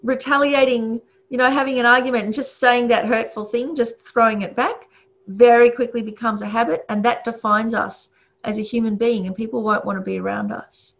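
Woman, fairly high voice, casual teaching talk, unhurried and thoughtful, muffled lo-fi recording. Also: fairly even intonation, vocal fry. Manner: thoughtful, with fillers and chuckles. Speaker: speaker on ethics.

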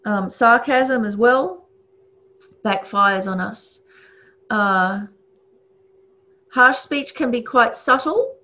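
A woman's voice: a little high, extremely slow, pauses often, pushed and bright. A woman giving a casual, thoughtful teaching talk, with fillers and chuckles. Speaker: speaker on ethics. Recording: muffled lo-fi recording.

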